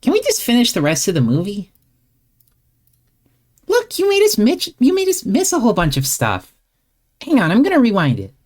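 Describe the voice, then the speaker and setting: A woman's voice: fairly high pitch, huge pitch swings, normal speed, long pauses, a little mellow. Woman doing bubbly teen girl, teasing, voice jumping way up and down. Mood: incredulous. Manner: upbeat, teasing and incredulous. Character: cheerful, easygoing teenage girl. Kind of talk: fan voice-acted comic reading.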